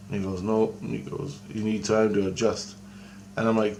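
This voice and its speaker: A man's voice: on the low side, moderate pace, gravelly, darkish tone, a little hiss or hum. A man telling a long rambling story in casual talk, often restarting and acting out both sides of a conversation. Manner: rambling, with many restarts and quoted dialogue.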